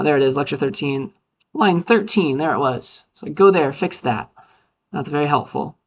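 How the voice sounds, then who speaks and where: A male university lecturer giving a casual, upbeat classroom lecture with playful asides. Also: fairly high pitch.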